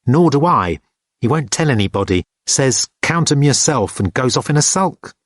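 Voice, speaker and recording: A man voicing a taciturn, gruff old man at a feast, grumbling in short phrases for an audiobook. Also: medium pitch, very animated, moderate pace, dry recording, studio quality, voice pushed up. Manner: laconic, grumbling.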